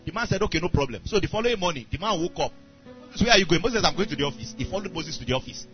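A man preaching a sermon, retelling a story with animated voices for the characters. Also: on the high side, rapid-fire. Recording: dull lo-fi sound with faint music.

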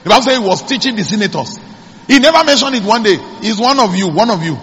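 Man, pastor, sermon, husky voice, long church reverb. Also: high-pitched, lively intonation, quick pace, fairly bright tone. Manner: preaching, mixing in Yoruba, calling out to the congregation. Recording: echoey church hall.

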